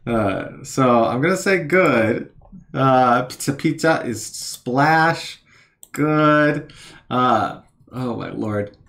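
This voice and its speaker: A man talks through his study session at an unhurried, drawn-out pace, musing aloud. He repeats each word several times as he tries to recall it and mocks his own slips. His voice sits at a middling pitch for a man. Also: animated, gravelly, fairly bright tone. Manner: musing, repeats words slowly while recalling, self-deprecating. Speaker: language learner vlogger.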